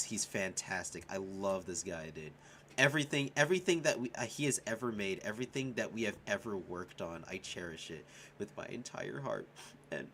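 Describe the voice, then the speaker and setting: A young man chatting on a casual livestream. He is excitable and swears a lot, laughs often and shouts at his chat. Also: lowish voice, a little hiss or hum. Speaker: streamer and music composer.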